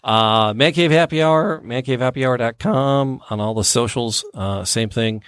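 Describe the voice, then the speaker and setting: A man's voice: mid-range voice, a little slow, a bit bright, clear, resonant tone, no room sound, clean studio sound. A man hosting a casual podcast, telling stories with lots of fillers and restarts, joking crudely with his co-host. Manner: rambling storyteller, many fillers and restarts. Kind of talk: casual chat.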